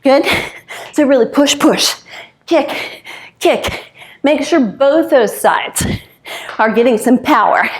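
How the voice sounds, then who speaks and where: Woman in her fifties, fitness instructor; unhurried cues, slightly high voice, breathing hard while she works out. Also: animated. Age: 50s. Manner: counting out moves while exercising. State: a little out of breath. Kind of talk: coaching a workout.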